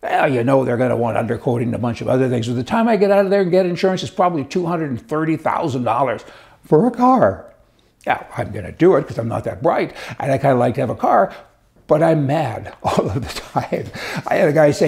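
A man's voice: fairly high pitch, lively intonation, fairly quick, vocal fry, a little mellow. A man delivering a casual, sarcastic, exasperated monologue with chuckling asides. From Canada. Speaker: commentator.

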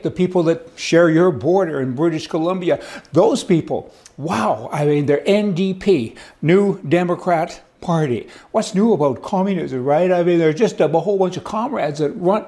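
Folksy, sarcastic man with a high voice. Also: a little mellow. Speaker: commentator. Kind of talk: opinionated political monologue.

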